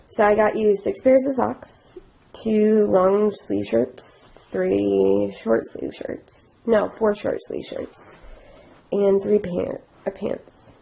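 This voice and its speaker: A woman's voice: mid-range voice, fairly even intonation, slow, vocal fry, mellow, a little hiss or hum, rough recording. A young woman chatting casually in a couple's home vlog, giggly and talkative, slipping into baby talk with pets. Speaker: vlogger.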